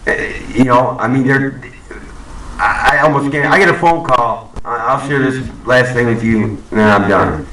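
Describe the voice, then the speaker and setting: A man's voice: mid-range voice, moderate pace, reverberant, far from the mic, noisy background. A man ranting angrily to camera, swearing and repeating himself, in a profane monologue. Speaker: vlogger. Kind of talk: profane conspiracy rant to camera.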